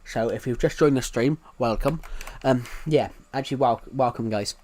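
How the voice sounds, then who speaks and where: A man's voice: medium pitch, moderate pace, darkish tone, slight background noise. Rambling British man streaming a game. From United Kingdom. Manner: rambling, repeats himself, narrates each move. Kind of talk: live gameplay commentary.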